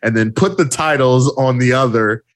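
A man's voice: mid-range voice, normal speed. A man co-hosting a casual podcast, agreeing readily and driving his points home by repeating them. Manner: emphatic, agreeable, repeats for emphasis. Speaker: podcast co-host. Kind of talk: casual wrestling podcast chat.

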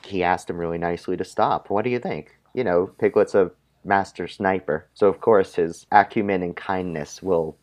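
A man on a podcast reading a dark comic story in a deadpan way and chatting with chuckling asides. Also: low voice, normal speed.

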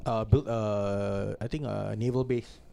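A man's voice: on the low side, steady tone, a little slow, creaky, warm tone, clear, resonant tone. A man co-hosting a podcast, talking bluntly with plenty of swearing. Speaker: podcast co-host. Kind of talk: casual chat.

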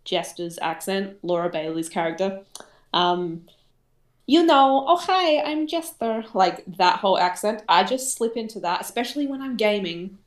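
A woman co-hosting a podcast, chatting casually and teasing with frequent laughter. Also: on the low side. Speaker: podcast co-host. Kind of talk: casual chat. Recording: echoey room.

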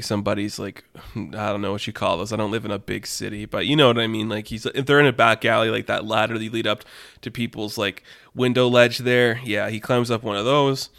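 A man hosts a podcast and spins a story in a loose, rambling way, full of fillers. His voice sits at a middle pitch. The sound is dry and close. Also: fairly bright tone, no room sound. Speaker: podcast host. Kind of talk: casual storytelling.

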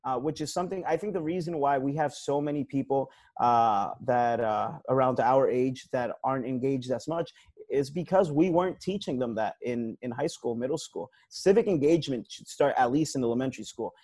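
A man speaks earnestly in a relaxed, darker-toned voice, leaning on "you know" as he thinks aloud. The sound is dry and close, with no room around it. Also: mid-range voice, fairly quick, dry recording. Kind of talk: casual conversation on civic issues.

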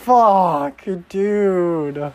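A young man in a casual video diary, rambling crudely and breaking into loud, profane, exasperated outbursts. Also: high voice, expressive, extremely slow. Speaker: vlogger.

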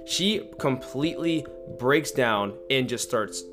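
A young man hosting a podcast, telling a story in casual chat, animated and slangy, acting out the lines he quotes. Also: mid-range voice, takes it slowly, faint music behind. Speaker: podcast host.

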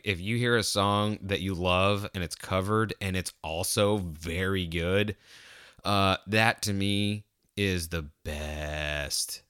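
Deep-ish guy rambling solo on his podcast, jokey, smooth voice, dry close mic. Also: a bit bright, no echo. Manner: rambling, jokey, self-mocking. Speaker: podcast host.

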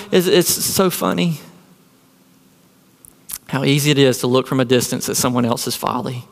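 A man's voice: fairly high pitch, normal speed, fairly bright tone, in a large hall. A man preaching a sermon as a pastor, earnest and full of rhetorical questions.

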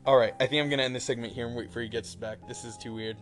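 A man's voice: mid-range voice, steady tone, very fast, music in the background. Rambling young man, dry sarcasm. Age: young adult. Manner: rambling, sarcastic, many fillers. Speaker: podcast guest, youth group leader. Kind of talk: casual chat.

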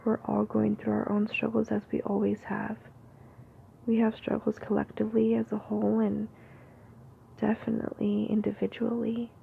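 Whispered ASMR talk: woman, very gravelly fry, rambling unscripted musing, tinny phone-like audio with faint hiss. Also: medium pitch, completely flat delivery, normal speed. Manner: unscripted, free-flowing musing.

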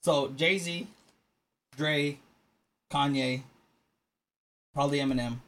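A man co-hosting a casual podcast chat, teasing his friend and shooting up to a high excited pitch when he argues. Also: slow pace. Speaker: podcast co-host.

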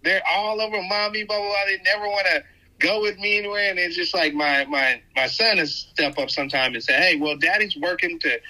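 A man who is a father, responding supportively in a casual podcast chat, speaking haltingly with restarts and "uh". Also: high-pitched, bright, forceful tone, poor audio. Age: adult father. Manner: affirming, halting speech with restarts and "uh".

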